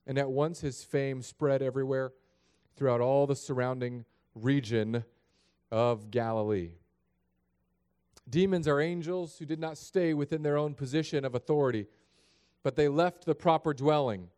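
A man's voice: mid-range voice, moderate pace, warm tone, clear, resonant tone. A man preaching a sermon in a chapel, praying and reading scripture in an earnest, plain-spoken way that speaks straight to the congregation. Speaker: pastor.

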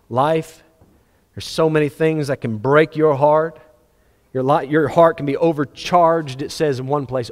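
A man preaching a sermon with passion, rising to loud appeals and dropping to hushed, low passages. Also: fairly even intonation, unhurried. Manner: impassioned, swinging between loud high-pitched appeals and hushed low passages. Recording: long reverb of a large hall.

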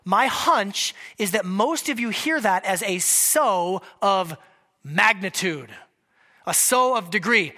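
Man, pastor, sermon, bright tone, casual, checks in with listeners. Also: high voice, expressive, moderate pace. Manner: conversational, checks in with the congregation. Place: church in Washington state.

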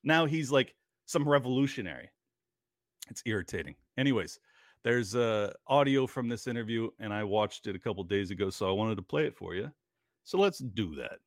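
A man's voice: fairly low pitch, lively intonation, normal speed, dry recording, studio quality. A man hosting a podcast, delivering an angry, profane political rant with biting sarcasm. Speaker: podcast host.

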